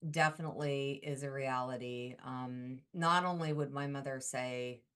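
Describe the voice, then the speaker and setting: A woman hosting a conversation, speaking in a soft-spoken, reflective way about her own past. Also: extremely low pitch, fairly even intonation, moderate pace, smooth. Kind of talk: casual conversation.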